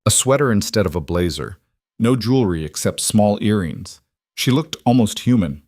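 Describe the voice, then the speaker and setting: A man reading a scripted dramatic story in a steady, even narrating manner. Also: lowish voice, normal speed, no room sound, clean studio sound.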